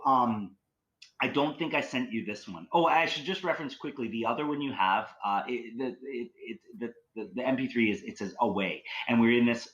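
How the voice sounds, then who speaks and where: A Canadian man appears as a podcast guest, telling stories in an excitable, rambling way packed with fillers. His voice is lowish, and the audio quality is poor.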